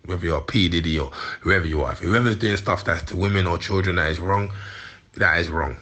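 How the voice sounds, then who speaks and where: A man's voice: sits low, bright, forceful tone. A man in his forties with a London accent, talking heatedly in street slang as an interview guest. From London, England. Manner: heated, slangy, quick to laugh. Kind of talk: candid interview chat.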